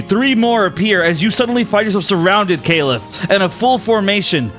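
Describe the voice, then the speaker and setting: A young man running a tabletop game as game master, narrating with lively, swooping intonation in a slightly raised voice. Faint music plays underneath. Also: high voice, normal speed, few pauses. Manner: animated storytelling, chuckles.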